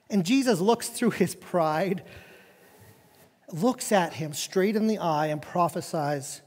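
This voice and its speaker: High-voiced, animated male preacher. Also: a little slow. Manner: animated, conversational preaching with repeated words. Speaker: pastor. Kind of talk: sermon. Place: church sanctuary. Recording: long reverb of a church hall.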